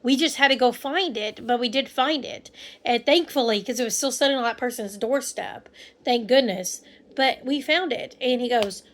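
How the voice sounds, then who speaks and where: A woman's voice: a little high, normal speed. A young woman, rambling through a casual story as a vlogger and restarting her sentences often. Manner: rambling, restarts, quotes people with mock voices.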